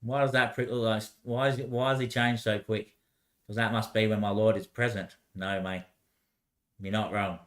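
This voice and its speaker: A young man rambles through casual talk, swearing and laughing a lot, repeating short phrases again and again until he trails off into quiet muttering. His pitch is fairly low and mostly flat, and he speaks at a normal speed.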